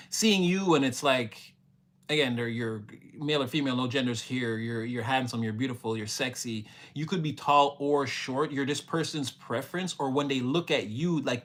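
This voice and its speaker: This tarot reader is a man whose medium-pitched voice has a fairly bright tone. His reading rambles along casually, packed with fillers, laughs, and voices he playfully quotes.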